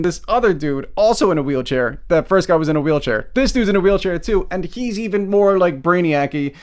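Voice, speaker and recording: A man hosting a comedy video, reading scripted facts and breaking into crude, rambling asides. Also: a little high. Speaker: video host. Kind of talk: comedic commentary mixed with read script.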